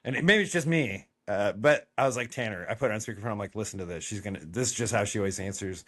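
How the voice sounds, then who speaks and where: Swearing freely, a man co-hosting a podcast tells rambling stories in a casual chat. He talks fast, with a fairly low-pitched voice that has a fairly bright tone.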